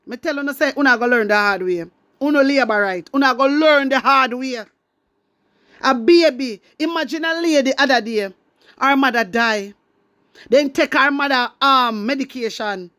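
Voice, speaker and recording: A woman's voice: high-pitched, normal speed, a bit bright, no echo, clean studio sound. A Jamaican woman ranting in patois to her followers, indignant and emphatic, hammering her points by repeating them. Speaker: online commentator addressing her followers. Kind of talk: heated social-media rant.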